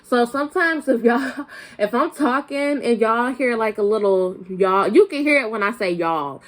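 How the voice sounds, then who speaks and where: With a fairly high voice at normal speed, the young adult vlogger, from Flint, Michigan and raised in Arkansas, talks casually to camera. She has a slight Southern country lilt and meanders, restarting often and using plenty of fillers.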